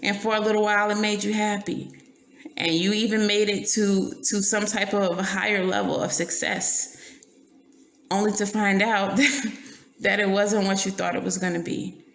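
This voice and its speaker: Blunt, gravelly-voiced woman tarot reader. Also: medium pitch, flat delivery, normal speed, fairly bright tone. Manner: blunt and profane, laughs often, checks in with "okay?". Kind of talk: casual tarot reading. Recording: roomy echo, faint noise.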